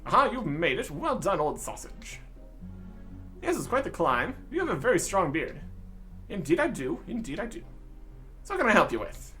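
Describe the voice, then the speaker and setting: A man's voice: high-pitched, wildly swooping pitch, moderate pace, long pauses, sharp tone, faint music behind, exaggerated voice. A man voicing a pompous old dwarf with a long beard who speaks in a plummy, posh, old-fashioned English way. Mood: jolly.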